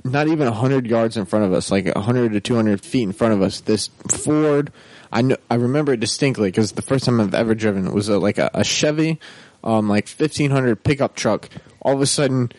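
A young man chatting casually, telling a lively story and mimicking a panicked voice at times. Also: medium pitch, brisk, no echo. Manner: animated storyteller, mimics his panicked mother. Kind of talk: casual chat.

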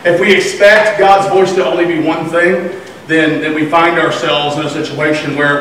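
A man's voice: high voice, normal speed, a bit bright, slight background noise. A man preaching a sermon as pastor, telling stories animatedly and acting out the voices of the people in them. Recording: echoey room from far off.

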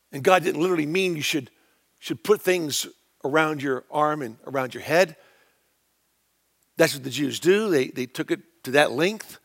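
Male preacher, high voice, emphatic sermon delivery, loud stresses then quiet low phrases.

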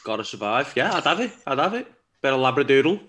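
A man's voice: mid-range voice, very animated, fast talker, a bit bright. A young man, joking crudely and laughing in a casual podcast chat. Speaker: podcast co-host.

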